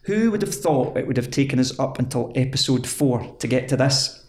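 A man's voice: medium pitch, expressive, brisk, a little mellow. A man co-hosting a podcast with wry, teasing humour. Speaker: podcast co-host. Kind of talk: casual chat. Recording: roomy echo.

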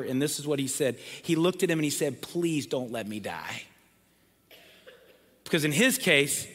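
Emphatic preacher in a reverberant hall. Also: male voice, a little high, sharp tone. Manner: emphatic, repeats for emphasis, drops to near whisper. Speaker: pastor. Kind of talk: sermon.

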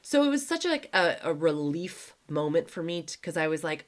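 With a low, sing-song voice at a moderate pace and few pauses, a woman hosting a podcast swaps stories in casual conversation. Her talk is packed with "like," and she performs quoted lines as she goes.

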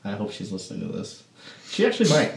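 A man on a podcast, swearing constantly while he retells a bar argument in a loud, animated way. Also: on the low side, fast, vocal fry, far from the mic, heavy background noise. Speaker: podcast co-host. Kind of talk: casual chat, storytelling. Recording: roomy, off-mic sound.

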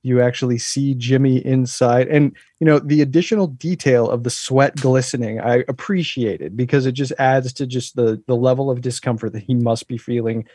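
A man talking about a TV episode in a relaxed, thoughtful podcast chat, with frequent fillers. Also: mid-range voice, moderate pace, hardly any pauses, husky, no room sound, studio quality. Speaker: podcast co-host. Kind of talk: casual chat.

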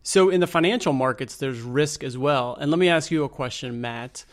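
A man's voice: medium pitch, normal speed. Patient male financial adviser explaining. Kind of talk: explanatory interview talk.

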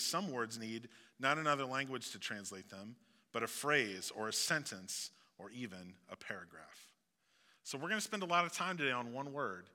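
In a church sanctuary with long hall reverb, a Southeast Missouri pastor delivers his sermon in a conversational style with humorous asides. He speaks at a medium pitch with a bright, forceful tone.

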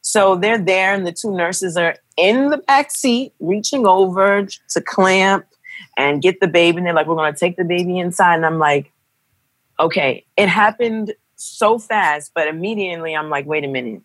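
A young woman recounts a wild personal story in a casual, animated way, slipping into the voices of the people involved. Her voice sits a little low, and the recording is dry and close. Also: normal speed, no room sound. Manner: animated, acts out quoted voices. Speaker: guest telling a birth story.

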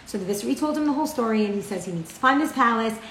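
A woman's voice: a little high, expressive, racing, fairly bright tone. A woman teacher telling a story and leading a religious lesson, chatty with frequent fillers. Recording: roomy with faint ambient noise.

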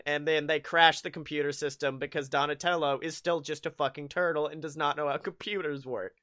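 A man's voice: on the high side, steady tone, brisk, hardly any pauses, bright, forceful tone. A man hosting a podcast, recapping a movie in a rambling, profane way with frequent laughs. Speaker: podcast host. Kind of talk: casual chat recapping a movie.

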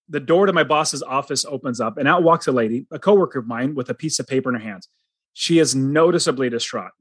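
A man's voice: on the high side, a bit bright, husky, no room sound. A middle-aged man telling his personal story as a guest, earnest and dramatic, acting out the lines he quotes.

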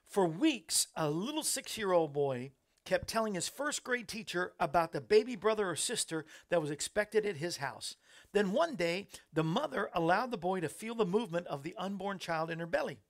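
A man's voice: high voice, animated, normal speed. A man hosting a talk show, chatting in a rambling way and laughing at his own jokes. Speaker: host.

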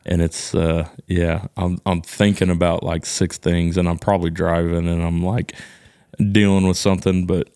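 Texan male podcast host, very deep voice, loose joking delivery, dry close sound. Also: little pitch movement, normal speed, a little mellow, clear, resonant tone, no echo. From Texas. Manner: joking, mimics voices in quotes. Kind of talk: casual podcast chat.

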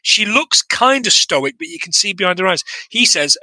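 High, bright-voiced Englishman rambling. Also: lively intonation, moderate pace, hardly any pauses, no echo, poor audio. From England. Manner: rambling, swearing, restarts. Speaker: podcast co-host. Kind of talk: casual chat recapping a film.

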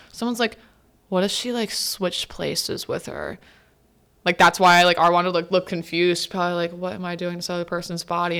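A student podcast host, a young adult woman, speaks in a lowish voice that is fairly bright, clear and resonant. She recaps a film casually, laughing along and acting out the characters' lines.

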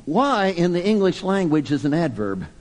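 A man delivering a sermon in a high voice that ranges widely. He presses question after question with emphatic force, then pulls back into soft, hushed moments. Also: sing-song, moderate pace. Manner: emphatic, rhetorical questioning, dramatic swings from loud to soft. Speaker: preacher.

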